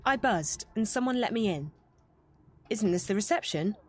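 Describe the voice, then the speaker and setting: An actress playing a calm, quick-witted young woman who speaks politely but firmly in video game dialogue. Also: mid-range voice, slightly rough. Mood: bluffing. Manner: composed, polite and firm. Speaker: game protagonist.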